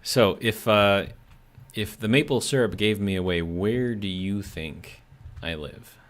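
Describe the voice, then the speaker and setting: A man's voice: fairly low pitch, unhurried. A man streaming a building game, chatting casually, reading viewer comments aloud and musing as he plays. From Georgia, USA.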